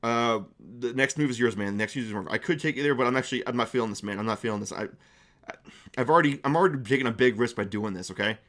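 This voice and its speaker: A man voicing a nervous small-town barkeep who speaks in a low, shaken, secretive way. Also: fast, lightly acted. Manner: shaky, worried, hushed and secretive.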